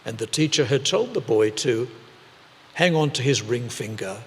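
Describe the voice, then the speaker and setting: A man preaching a sermon in a church, speaking deliberately with pauses and repeated phrases. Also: medium pitch, animated, creaky, in a large hall, a little hiss or hum. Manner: slow, deliberate delivery with pauses and repetition.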